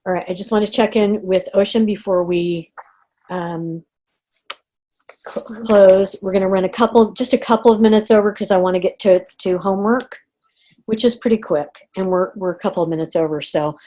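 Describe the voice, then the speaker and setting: A middle-aged woman leading an online group coaching call, talking in an animated way and acting out inner reactions. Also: medium pitch, moderate pace. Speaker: coach running a group session. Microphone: video call.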